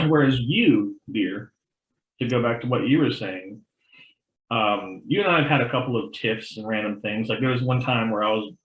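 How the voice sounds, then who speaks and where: A man's voice: medium pitch, normal speed, a bit bright, reverberant, highs cut off. A man co-hosting a podcast in casual chat, rambling with many restarts and acting out the people he quotes. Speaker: podcast co-host.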